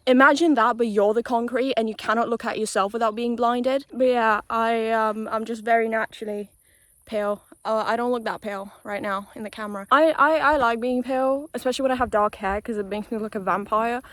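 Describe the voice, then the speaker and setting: A young woman from Poland, a native Polish speaker with British-tinged English, rambles casually and swears as she walks along a quiet rural road, holding her phone. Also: fairly high pitch, fairly even intonation, brisk, no echo. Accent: British-tinged English with a Polish background. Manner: chatty, loose and sweary, with frequent "like" fillers. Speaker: vlogger. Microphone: handheld phone while walking.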